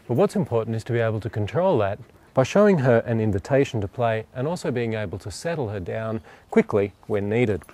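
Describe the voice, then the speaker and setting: A man working as a dog trainer, calmly explaining a training demonstration while crouched beside a dog. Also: fairly low pitch, a little fast. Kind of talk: instructional demonstration.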